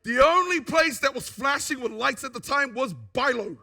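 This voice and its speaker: Testimony speaker: man, very high and bright voice, lively storyteller. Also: normal speed, vocal fry. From New Zealand. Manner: animated storyteller who acts out what people said. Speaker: guest speaker giving a testimony.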